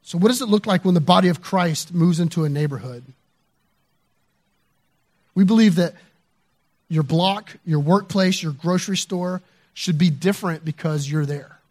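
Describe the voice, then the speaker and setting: A man's voice: high voice, moderate pace, pauses often, darkish tone. A man pastor telling a neighborhood story in a sermon, chatty and loose, with fillers and restarts.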